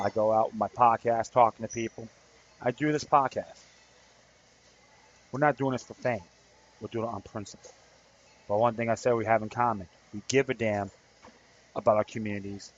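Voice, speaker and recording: A man hosting a podcast as an activist, telling a story in a rambling, earnest casual monologue. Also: lowish voice. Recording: slightly dull recording with faint background noise.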